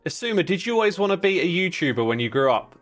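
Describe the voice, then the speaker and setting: A man's voice: high voice, very animated, quick pace, fairly bright tone, soft background music. A man in his thirties chatting casually on a game livestream, easygoing and rambling, reading out viewer names and messages. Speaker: livestreaming gamer.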